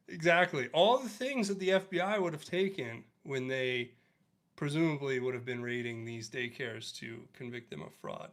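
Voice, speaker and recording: A man's voice: a little high, animated, measured pace, a bit bright. A man hosting a livestream, commenting on clips with sarcastic, chuckling asides. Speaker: livestream host.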